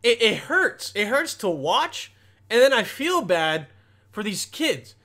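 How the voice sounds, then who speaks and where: High-voiced young man ranting crudely. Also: sing-song, slow, pushed and bright. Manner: crude, rambling, mock-outraged. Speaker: commentary host. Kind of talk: comedic reaction commentary.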